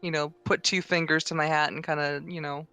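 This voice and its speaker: A player casually describing their tabletop role-playing character, with many pauses and fillers. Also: medium pitch, flat delivery, bright, forceful tone, smooth, dry recording, faint music behind.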